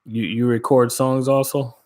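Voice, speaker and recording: A man's voice: mid-range voice, flat delivery, measured pace, a little mellow. A man from Jamaica hosting a casual livestream, chatting in laid-back slang, greeting viewers by name and laughing often. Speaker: livestream host. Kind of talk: casual live chat with viewers.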